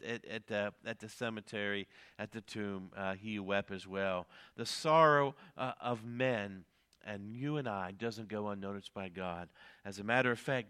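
A middle-aged male pastor delivering a sermon in a smooth, resonant voice at an ordinary pitch. He preaches earnestly, pausing with fillers and then rising into sudden emphatic peaks. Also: fairly bright tone.

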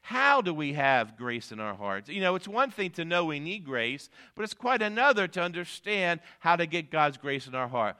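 A middle-aged man preaching an evening sermon, his tone bright and forceful. He swings between emphatic high peaks and low, quiet asides, punctuating points with "amen". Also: sing-song, normal speed, hardly any pauses. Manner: preaching with rising emphatic peaks, repeated "amen" and "guess what". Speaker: pastor.

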